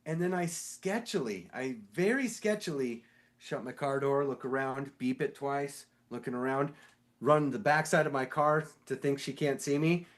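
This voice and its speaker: A man casually telling a story on a podcast, animated and swearing, acting out the voices of the people in it. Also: medium pitch, normal speed. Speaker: podcast co-host; sewer inspector.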